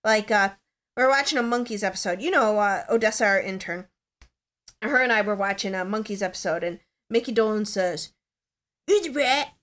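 A woman's voice: medium pitch, fairly quick, fairly bright tone. Chatty woman podcast host. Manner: chatty, rambling, many "like" fillers. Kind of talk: casual chat.

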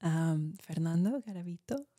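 Earnest woman from Colombia, low voice. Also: lively intonation, normal speed, warm tone, no room sound, studio quality. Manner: earnest, searching, many restarts. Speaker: guest. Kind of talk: reflective conversation.

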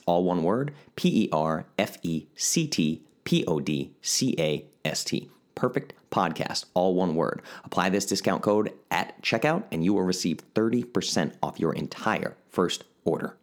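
A man with a fairly low voice hosts his own podcast from a home setup. He talks in a loose, rambling, upbeat way and keeps poking fun at himself. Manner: upbeat, rambling, self-mocking with quick asides. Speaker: podcast host. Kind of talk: casual solo podcast talk. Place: home studio.

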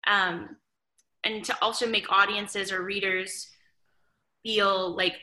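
A woman's voice: mid-range voice, takes it slowly, poor audio. A young adult woman, an author guest on a podcast, talking casually and animatedly with many "like"s and "um"s. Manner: chatty, animated, frequent "like" and "um".

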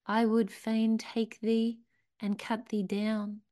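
A grave, loving male master of a garden from a storybook parable, voiced by a woman. He speaks slowly and solemnly in archaic phrases. At times his lines fall to a low whisper. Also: flat delivery, mellow.

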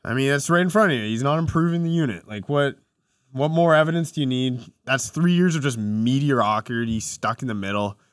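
A man's voice: mid-range voice, animated, brisk, dry recording, clean studio sound. A man co-hosting a casual sports podcast, opinionated and prone to frustrated rants. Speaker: podcast co-host.

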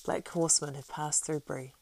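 A woman reading the part of a weathered male ranger, measured, wry and grave. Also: low voice, fairly even intonation, creaky, darkish tone, dry recording.

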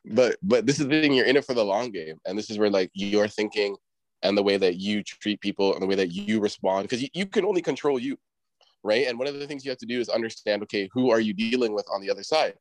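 A man's voice: fairly low pitch, fast talker, no room sound, poor audio. A man in casual chat, giving rambling advice with heavy slang and swearing.

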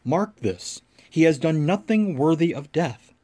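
A man's voice: on the high side, lively intonation, dark tone. A man reading as an uneasy Roman governor. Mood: insistent. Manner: earnest, measured reading of quoted lines. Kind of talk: scripture reading.

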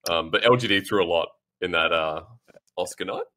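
A man's voice: low voice, a little fast, pushed and bright. A male esports caster in a casual panel discussion, chatty and joking with lots of filler words.

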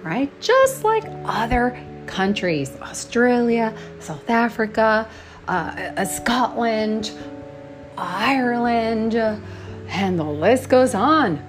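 Lively northeast-accent american lady teaching english, chatty, keeps asking okay? right?, soft music behind. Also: a little high. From United States. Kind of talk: unscripted lesson.

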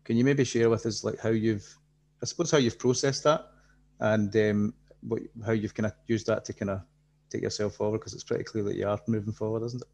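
Male podcast host; encouraging, rambling, restarts a lot; lowish voice. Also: fairly even intonation, brisk, vocal fry, a little mellow. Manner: supportive, rambling questions with restarts. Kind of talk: interview questions.

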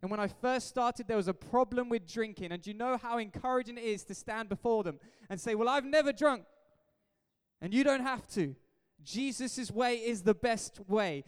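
Pastor, high resonant voice, emphatic and playful sermon delivery, long hall reverb. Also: male voice, moderate pace, smooth. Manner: energetic, jokey, emphatic preaching. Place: church hall.

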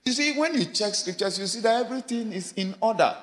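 A man preaching a sermon, emphatic, asking the congregation rhetorical questions and swinging between raised lines and low quiet asides. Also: expressive, fast. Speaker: pastor. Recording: long hall reverb.

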